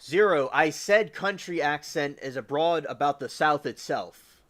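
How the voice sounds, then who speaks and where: A man's voice: fairly high pitch, animated, measured pace, a bit bright. A man from the US South hosting a livestream, rambling casually with lots of fillers and restarts. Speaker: livestream host.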